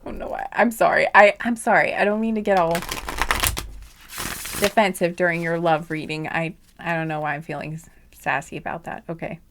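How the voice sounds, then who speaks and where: A woman's voice: fairly low pitch, steady tone, a little fast. A woman giving a casual tarot reading who rambles, laughs often and makes sassy asides, sometimes dropping to a whisper. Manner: drops to whispers at times. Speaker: tarot reader. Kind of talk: casual chatty monologue.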